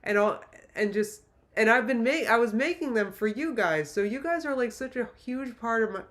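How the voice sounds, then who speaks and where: A woman's voice: on the high side, expressive, moderate pace, fairly bright tone. A woman in her late thirties chatting casually on a livestream, reading viewer comments in an emotional, rambling way with many restarts. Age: late 30s. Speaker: YouTuber livestream host.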